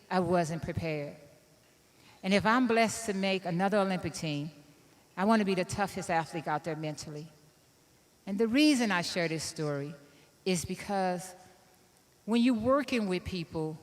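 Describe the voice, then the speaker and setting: A woman in her fifties from Illinois giving a keynote speech, telling a personal story in an animated way and laughing at herself. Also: medium pitch, long reverb tail. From Illinois, USA. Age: 50s. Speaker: keynote speaker.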